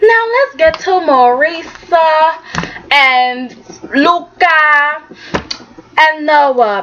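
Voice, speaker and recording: A woman's voice: sits high, expressive, very slow, pauses often, fairly bright tone, lo-fi sound. A woman recapping a soap opera episode in a casual, sassy vlog, acting out the characters' lines as she goes.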